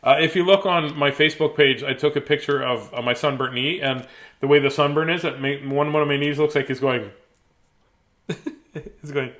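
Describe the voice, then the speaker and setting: Reading a children's book casually on his live show, a man in his fifties keeps drifting into chatty, rambling tangents. He speaks at normal speed in a fairly high, slightly bright voice with a steady tone.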